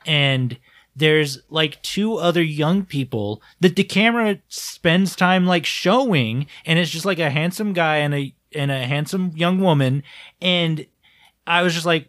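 Male podcast co-host, casual and profane, slightly high voice, dry booth sound. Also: unhurried, fairly bright tone, dry recording. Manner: joking, profane, steers the talk. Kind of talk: casual chat.

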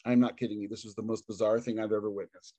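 A man guest on a podcast, telling a personal story in casual, animated talk and acting out what people said. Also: lowish voice, fast, dry recording. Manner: animated, acts out quoted dialogue; casual, says "dude".

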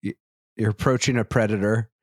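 A man co-hosting a podcast, reacting to his partner's story with quick, casual interjections. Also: fairly low pitch, fairly even intonation, breathy edge, no room sound, studio quality. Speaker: podcast co-host. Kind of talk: casual chat.

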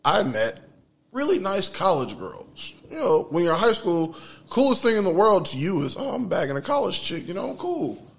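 A young man telling a story in casual podcast chat, animated and laughing as he talks. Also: high-pitched, normal speed, creaky. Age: young adult.

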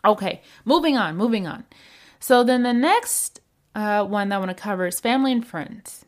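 Animated woman giving advice. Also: medium pitch, moderate pace. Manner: animated storytelling, acting out quoted lines. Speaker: podcast host. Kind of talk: casual advice talk.

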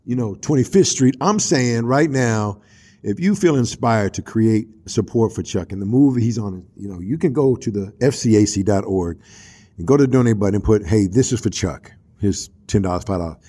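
A man with a husky voice hosts a church radio talk show. He talks in a loose, slangy way and builds his points like a preacher. His delivery is animated and keeps rising into emphasis. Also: fairly low pitch, moderate pace. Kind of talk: casual street-ministry talk and storytelling.

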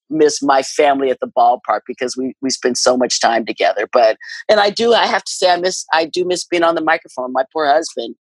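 A middle-aged woman chatting as an interview guest, animated and quick to laugh. She repeats words for emphasis and tells stories in an easy, friendly way. Her voice sounds close and dry, with very little room sound. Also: sits low, dry recording, low-quality recording. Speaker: ballpark PA announcer, guest. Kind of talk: casual interview chat.

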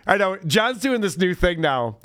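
A man's voice: high-pitched, big pitch swings, moderate pace, fairly bright tone. A man co-hosting a podcast, chatting casually and mockingly about video clips, laughing often. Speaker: podcast co-host.

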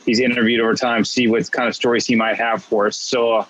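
Husky man hosting with a dull sound. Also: medium pitch, flat delivery, fast, a bit bright. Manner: conversational, swears casually. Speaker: podcast host. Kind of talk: casual interview chat.

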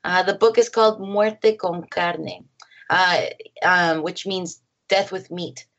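A woman filmmaker chatting as an interview guest, lively and full of acted-out quotes and laughter. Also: fairly low pitch, takes it slowly, dull audio. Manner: animated, acts out quotes, laughs often. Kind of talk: casual interview chat. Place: home.

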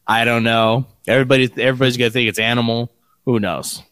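A man's voice: mid-range voice, steady tone, fast, fairly bright tone, clear, resonant tone, no room sound. A man co-hosting a podcast, chatting casually and rambling with many fillers. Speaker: podcast co-host. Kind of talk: casual chat.

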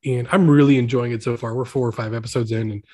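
A man's voice: medium pitch, fairly even intonation, fast talker, warm tone. A man hosting a casual chat, rambling with lots of filler words. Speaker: podcast host.

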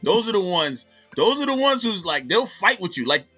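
Man, high voice, very animated delivery, bright tone, casual storytelling. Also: normal speed, husky, faint music behind. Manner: animated storytelling with acted quotes. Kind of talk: casual chat.

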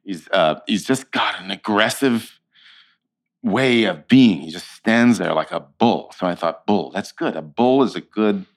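A man with a very low, deep voice chats in an interview. He tells anecdotes with animated energy, starting over and acting out what others said. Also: a little slow. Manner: animated storyteller, slips into quoted voices. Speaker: actor, interview guest. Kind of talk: casual interview chat.

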